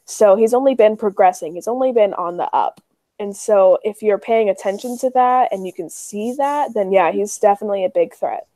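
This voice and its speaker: A woman co-hosting a podcast, giving a measured, slightly hesitant opinion in casual chat. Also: medium pitch, dark tone, dry recording. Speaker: podcast co-host.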